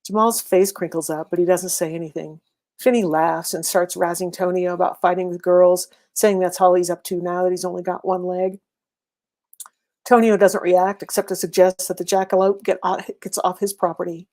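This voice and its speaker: A woman reading a first-person serialized story aloud in a steady, wry, conversational way. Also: lowish voice, normal speed. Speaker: reader.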